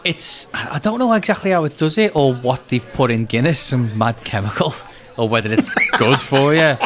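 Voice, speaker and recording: A man's voice: mid-range voice, animated, normal speed, crowd noise. A man co-hosting a casual podcast, talking in a chatty, self-interrupting way and reading a screenplay aloud.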